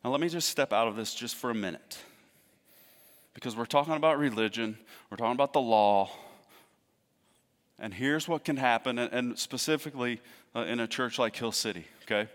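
A man preaching a sermon in a conversational way, swinging between loud emphasis and hushed asides. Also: mid-range voice, fairly quick, big-room sound. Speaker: pastor.

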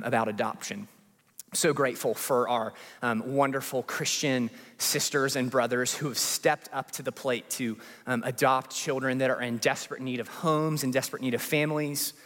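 A man preaching a sermon as a pastor in a church, swinging from hushed pleading to rising, repeated refrains. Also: medium pitch. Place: church sanctuary. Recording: long hall reverb with faint music.

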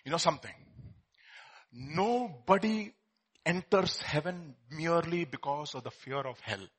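Husky-voiced preacher swinging hushed to loud. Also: male voice, fairly high pitch, lively intonation, unhurried. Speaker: pastor. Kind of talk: sermon.

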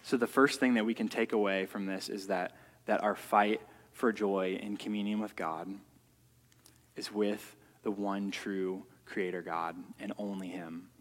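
A man with a fairly low voice delivers an earnest sermon, often doubling words as he builds each point. His voice rings with a long reverb, as if in a large hall. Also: fairly even intonation, measured pace. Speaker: preacher.

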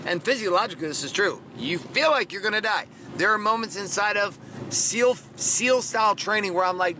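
A man's voice: high voice, expressive, fairly quick, background noise. A middle-aged man hosting a motivational podcast, talking in a brash, profane, punchy way with dramatic swings. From Washington state, USA. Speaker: podcast host. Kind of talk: motivational monologue.

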